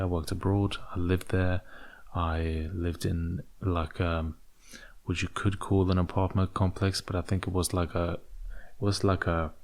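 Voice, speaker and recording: A man's voice: low voice, darkish tone. A young man hosting a solo podcast, rambling in a put-on British accent, with many fillers and restarts. English is not his first language. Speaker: podcast host.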